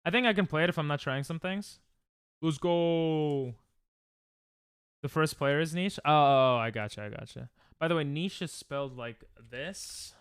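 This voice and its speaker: A man's voice: a little high, normal speed, hardly any pauses, a bit bright, smooth, no echo. A young man chatting casually on a live stream while gaming, joking, laughing often and reading chat aloud from a close desk mic at home.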